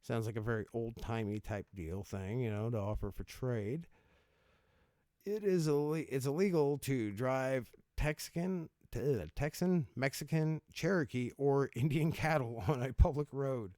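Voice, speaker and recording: A man of middle pitch hosting a casual video, reading out laws and reacting to them. He swears freely, laughs, and trips over words as he reads. The recording is dry and close. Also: a little slow, warm tone, no echo. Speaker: video host.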